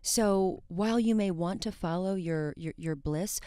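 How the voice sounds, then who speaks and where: A woman psychologist talking as a guest on a talk show, animated, with frequent restarts and laughs. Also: lowish voice, a little slow, few pauses, clean tone, no room sound, studio quality.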